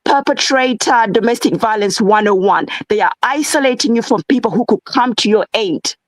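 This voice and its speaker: Fervent, lecturing woman with a high voice. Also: lively intonation, moderate pace, dry recording, rough recording. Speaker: guest. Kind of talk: impassioned discussion.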